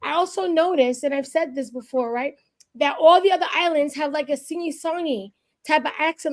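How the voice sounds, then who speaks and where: A woman co-hosting a casual talk radio show, chatting and telling stories in an animated way. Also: high-pitched, a little fast. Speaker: co-host.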